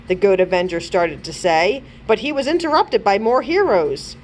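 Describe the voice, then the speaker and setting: A woman children's librarian reading a chapter book aloud in an expressive storytelling manner. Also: mid-range voice, moderate pace, hardly any pauses, a little hiss or hum.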